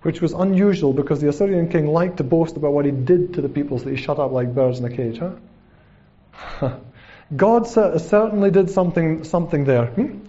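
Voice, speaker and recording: A man's voice: on the high side, moderate pace, warm tone. A man preaching a sermon in a conversational way, often checking in with a rhetorical "hmm?" and acting out the quotes dramatically. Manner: dramatic retelling with acted-out quotes. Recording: dull lo-fi recording.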